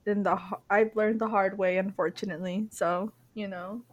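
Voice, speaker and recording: A young woman co-hosting a casual joking chat, giggly and deadpan, often trailing off mid-sentence. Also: medium pitch, moderate pace, lo-fi sound. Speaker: co-host answering questions.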